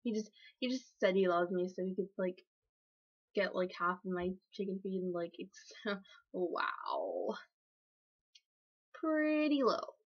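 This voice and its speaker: A woman plays a betrayed hen mother, bitter and dismissive, tossing off flippant, slangy sarcasm in a middle-pitched voice. The recording is a bit dull and lo-fi. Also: slow, long pauses.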